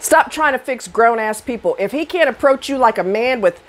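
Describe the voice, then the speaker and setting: A woman's voice: fairly high pitch, lively intonation, normal speed. A woman giving blunt relationship advice to the camera, sassy and profane, mimicking other people's voices as she talks.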